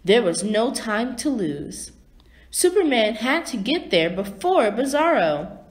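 A woman reads a children's storybook aloud at a slow, careful pace. Her pitch swings widely as she narrates, in a clear, expressive way. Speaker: storybook reader.

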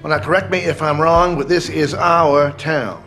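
An actor playing a cocky small-town police captain who talks in a folksy drawl and calls people son. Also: male voice, fairly high pitch, fairly even intonation, normal speed, pushed and bright, soft background music. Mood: sly.

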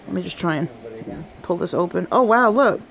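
A young woman hosting a casual live unboxing stream, chatty and excitable, often breaking off with delighted exclamations and asides to her family. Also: fairly low pitch, normal speed, crowd noise. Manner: breaks off to talk to family off camera.

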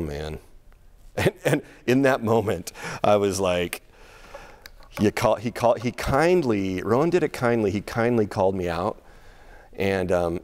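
A middle-aged man preaching a sermon in a church, conversational, laughing often and repeating words as he thinks. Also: lowish voice. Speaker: pastor.

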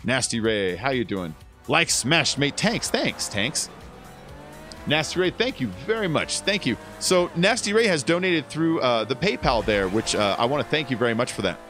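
A man's voice: medium pitch, expressive, normal speed, a bit bright, soft background music. A man in his thirties livestreaming a game from home, chatting casually and rambling, swearing now and then. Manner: rambling, laid-back, swears often. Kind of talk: casual livestream chat while gaming.

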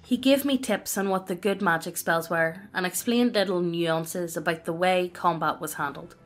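A woman reading a personal story aloud as scripted narration, in a steady, even delivery. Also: on the low side, normal speed, soft background music.

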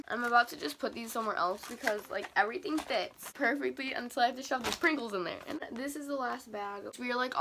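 A woman's voice: medium pitch, vocal fry, a bit bright, a little hiss or hum. A teenage girl vlogging casually in her morning voice, chatty and self-deprecating, filming on a phone in her bedroom. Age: teen. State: groggy morning voice. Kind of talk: casual vlog. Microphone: phone camera.

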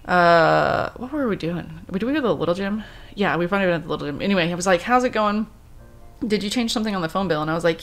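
A grieving woman in her thirties tells a personal story to her vlog audience. Her voice sits a little low, and she talks in halting runs, circling back with fillers and restarts while she quotes what others said. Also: expressive. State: grieving, subdued. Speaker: vlogger.

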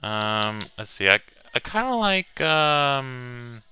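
A man's voice: mid-range voice, sing-song, slow, pushed and bright, clear, resonant tone. A man giving casual let's-play commentary, hesitating with many fillers and reading on-screen text aloud. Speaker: gamer playing a video game.

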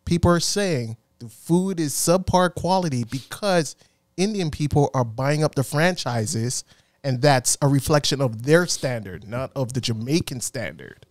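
A man's voice: medium pitch, unhurried, dry recording, clean studio sound. A man hosting a podcast, chatting casually and telling stories with lots of slang. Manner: animated storyteller, slangy. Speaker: podcast host. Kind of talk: casual chat.

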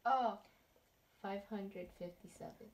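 A young woman in a casual vlog, sounding out words haltingly and sticking to silly guesses. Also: mid-range voice. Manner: hesitant, stubborn guesser, many ums. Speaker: guest trying German words. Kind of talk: casual chat.

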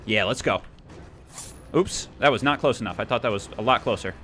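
A young man giving excitable, playful let's-play commentary, taunting the players as he goes. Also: lowish voice, fairly quick, soft background music. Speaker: gaming YouTuber.

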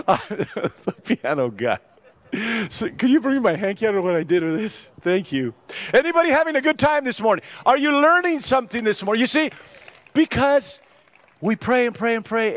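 Animated older man preaching a sermon. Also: high voice, a little fast. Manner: animated, ironic and joking, many restarts. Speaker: pastor. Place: church sanctuary.

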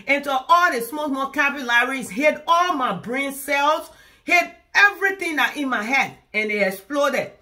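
Bright, high-voiced woman scolding on the phone. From Liberia. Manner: indignant, scolding, argues in circles. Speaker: comedian. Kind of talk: comic phone-call monologue.

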